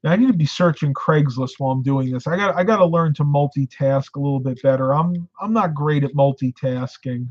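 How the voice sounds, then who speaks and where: A man's voice: a little high, a little fast, few pauses, a little mellow, no echo, highs cut off. A middle-aged man from upstate New York, host of a casual live stream, talking with viewers and telling stories. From upstate New York, United States. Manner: chatty, tells stories and answers viewer comments.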